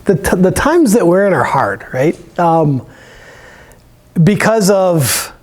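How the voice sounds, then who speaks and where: A man's voice: fairly high pitch, a little mellow. A man who works as a firefighter, talking candidly about his job in a church Q&A, rambling with many fillers. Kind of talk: conversational Q&A in church.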